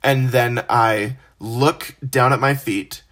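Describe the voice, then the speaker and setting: A man's voice: mid-range voice, slow pace. Young man telling a podcast story. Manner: animated, self-deprecating, acts out quoted voices. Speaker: podcast host. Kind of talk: casual storytelling.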